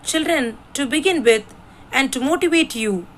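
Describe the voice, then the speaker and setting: A woman presenter reading a scripted lesson introduction in a clear, measured way. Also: high-pitched, expressive, a little hiss or hum, poor audio.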